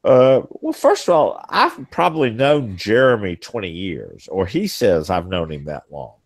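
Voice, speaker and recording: A man hosting a casual group chat, rambling and halting with lots of fillers. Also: on the low side, very animated.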